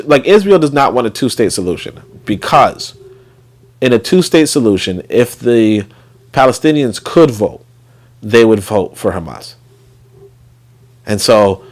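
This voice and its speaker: A man talks through his commentary in a loose, rambling way, full of fillers and restarts. His pitch is lively and swings up and down as he talks. It sounds like a casual stream. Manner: rambling, many fillers, trails off. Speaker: host.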